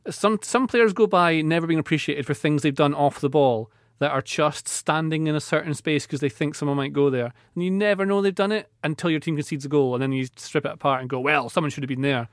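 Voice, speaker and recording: A man on a football podcast panel, talking quickly and animatedly as he breaks down play. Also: fairly high pitch, no room sound, studio quality. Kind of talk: casual football analysis chat.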